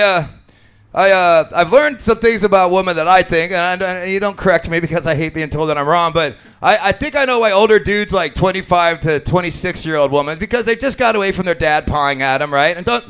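A man's voice: fairly high pitch, a bit bright, smooth. A man in his late forties from Alaska doing a live stand-up set at a brewery bar, telling crude, profane, self-mocking jokes. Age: late 40s. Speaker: stand-up comedian.

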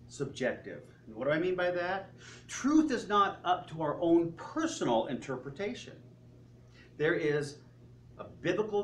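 A male pastor preaches a sermon in a slightly high voice, animatedly telling stories and posing rhetorical questions. He's in a church sanctuary, and the recording sounds roomy and distant, with faint ambience and slight background noise.

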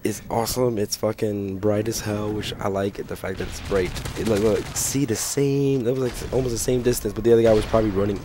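A young man with a sick, hoarse voice, ranting and swearing through casual gameplay commentary. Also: fairly low pitch, steady tone, brisk, few pauses, warm tone, slight background noise. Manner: profane, ranting, frustrated. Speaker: gaming channel host.

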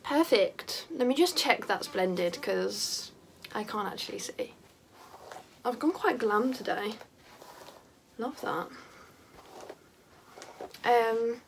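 A woman's voice: a little high, unhurried, creaky, long pauses, slightly rough. A teenage girl talking casually through her makeup routine, chatty and self-mocking, drifting into rambling asides. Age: teens. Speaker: beauty vlogger. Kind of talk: casual makeup tutorial chat.

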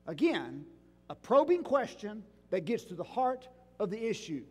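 The sanctuary's long reverb surrounds this preacher, a man with a husky but strikingly high and lively voice. He takes his sermon slowly and deliberately, pressing his listeners with rhetorical questions.

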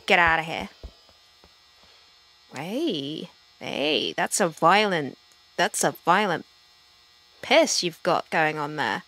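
A woman giving playful, excitable commentary over her video game playthrough. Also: sits low. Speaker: gameplay streamer. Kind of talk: casual gameplay commentary.

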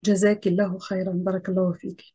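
A woman's voice: mid-range voice, level tone, racing, dark tone, husky. A woman reciting short word drills in a lesson, repeating each phrase.

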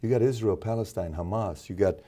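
Emphatic man making his case. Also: brisk. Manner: emphatic, preachy, swings from loud to low. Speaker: interview guest. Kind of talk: casual interview talk.

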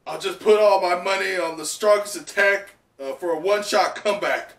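Man reading a cocky cyborg pirate, bright voice, roomy and off mic. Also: normal speed, distant mic. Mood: determined. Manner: quoted lines read out louder and higher. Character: brash male cyborg pirate fighting a duel.

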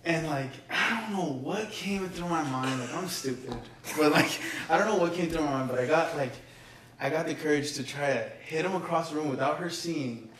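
Excitable young man, echoey and distant. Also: fairly high pitch, moderate pace. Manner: excitable, laughs through his story, many "like" fillers. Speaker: podcast co-host. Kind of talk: casual storytelling chat. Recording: roomy echo, off-mic, crowd noise behind.

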